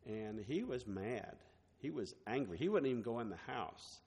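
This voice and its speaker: A man's voice: mid-range voice, expressive, moderate pace, a little mellow, long reverb tail, slight background noise. A man preaching a sermon, reading scripture aloud and then explaining it in plain, conversational words with some restarts. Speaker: pastor.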